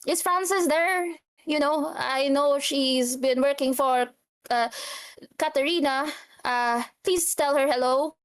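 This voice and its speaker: A woman voicing a brash male half-brother with an attempted Southern drawl, rambling and folksy in a tabletop game. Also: sits high. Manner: folksy, rambling, loose with swearing. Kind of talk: tabletop role-play character voice.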